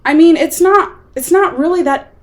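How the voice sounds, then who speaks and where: A woman's voice: extremely high pitch, normal speed. A woman giving a casual, exasperated movie review, acting out quotes in mocking voices. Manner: animated, exasperated, acts out quotes.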